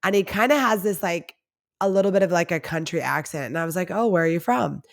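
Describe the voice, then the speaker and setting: Chatty podcaster woman with a lowish voice. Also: expressive, fast, vocal fry. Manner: chatty and confessional, heavy use of "like". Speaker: podcast host. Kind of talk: candid storytelling monologue.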